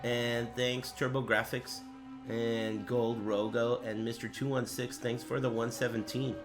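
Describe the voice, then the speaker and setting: Man, streamer, crude rambling banter, unhurried delivery. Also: medium pitch, flat delivery, music in the background. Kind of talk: casual livestream chat.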